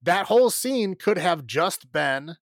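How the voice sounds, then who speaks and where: A male podcast co-host chats casually about a film, rambling and sounding exasperated, with lots of fillers and restarts. His voice sits high, with lively intonation and a slow delivery, and there's no echo.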